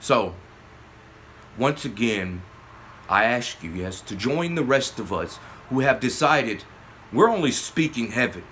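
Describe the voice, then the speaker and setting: A man hosting his own channel, giving a spiritual monologue, often asking "yes?", swinging between loud emphatic bursts and low murmurs. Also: lively intonation, slight background noise. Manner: slow, repeating "yes?" often. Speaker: channel host.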